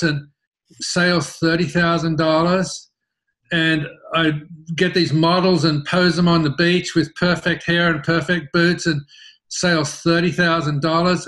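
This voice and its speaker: A middle-aged man with an Australian accent tells his business story in an interview, animated and often repeating words as he starts sentences. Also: a little high. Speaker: interview guest, business founder.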